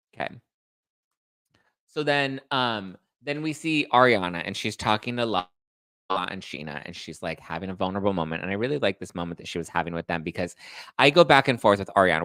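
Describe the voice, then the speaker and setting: A man hosting a live stream and recapping reality TV in a fast, chatty, sassy way, throwing shade. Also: on the low side, sharp tone, no echo, clean studio sound. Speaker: podcast host recapping reality TV.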